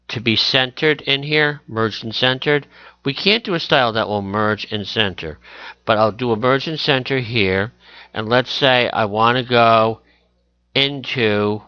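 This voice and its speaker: A man teaching a screen-recorded software tutorial, talking through each click as he goes and correcting himself along the way. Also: medium pitch, clear, resonant tone, dry recording, muffled recording.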